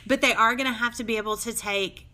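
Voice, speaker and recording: A woman's voice: fairly high pitch, fairly even intonation, quick pace, pushed and bright. A woman in her thirties co-hosting a casual chat, telling a family story with feeling and laughing often. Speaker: podcast co-host.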